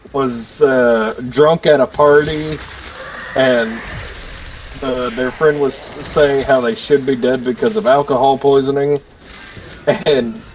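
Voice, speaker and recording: A man telling rambling stories at a relaxed pace while chatting with friends on a game stream. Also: medium pitch. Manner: slow, rambling anecdotes with restarts. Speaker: gamer on a group stream. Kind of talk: casual chat among friends. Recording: distant mic with faint noise.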